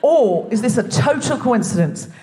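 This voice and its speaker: An Australian woman hosting a live comedy podcast on stage, with animated, sweary, playful banter. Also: fairly high pitch, normal speed. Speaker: host. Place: theatre stage before a live audience.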